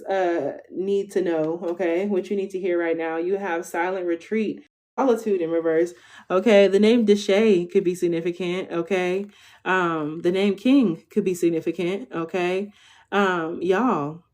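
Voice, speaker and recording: Chatty, low-voiced young woman reading tarot. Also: fairly even intonation, moderate pace, a little mellow. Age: 20s. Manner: chatty, swears freely, keeps asking "okay?". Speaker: tarot reader. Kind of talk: casual tarot reading for viewers.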